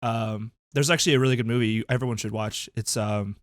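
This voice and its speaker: A young man with a mid-pitched voice co-hosts a relaxed podcast conversation. He gets animated and often jumps up in pitch when something excites him. His voice sounds dry and close to the mic. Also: fast talker, no echo. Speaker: podcast co-host. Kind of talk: casual chat.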